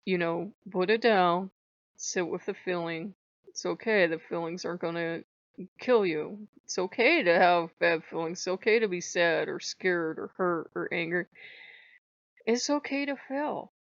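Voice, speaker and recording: A woman's voice: on the low side, unhurried, no room sound. Woman vlogger, emotional confessional, dull dry mic. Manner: candid and emotional, swears freely, laughs through it. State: after crying. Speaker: channel host. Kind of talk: casual personal vlog. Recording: muffled dry homemade mic.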